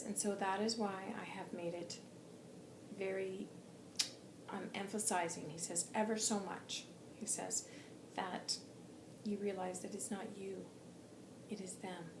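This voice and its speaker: A woman giving an intuitive reading, earnestly relaying a spirit guide's words with frequent "he says" and soft whispered stretches. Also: medium pitch, fairly even intonation, measured pace, long pauses, echoey room, noisy background.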